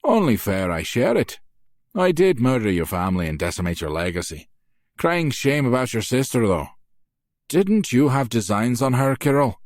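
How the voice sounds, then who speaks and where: A man's voice: mid-range voice, very animated, normal speed, no echo, studio quality, voice pushed up, lightly acted. A male narrator voicing a scornful, menacing Irish mob boss with an Irish brogue in an audiobook. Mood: gloating. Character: mocking brutal Irish mob boss, older man. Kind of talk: audiobook character voice.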